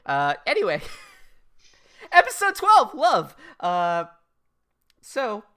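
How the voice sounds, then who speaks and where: A woman co-hosting a casual podcast chat, excitable and swearing freely as she thinks aloud. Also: mid-range voice, drawn-out words. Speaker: podcast co-host.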